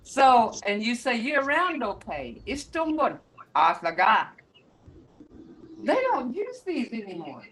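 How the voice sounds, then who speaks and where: A woman's voice: on the high side, very animated, measured pace, few pauses, fairly bright tone, slight background noise, rough recording. An older woman teaching a beginner language class over a video call, patiently repeating words to model their tones.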